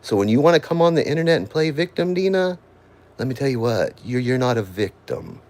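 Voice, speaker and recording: A man with a drawl rants into his phone from home, his voice sore and worn from an hour of screaming. He is confrontational and accusing, hammering the same name again and again. His pitch sits at an ordinary middle height. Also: sing-song, fairly quick, a little mellow. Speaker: livestream host. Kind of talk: angry livestream rant. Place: at home, indoors.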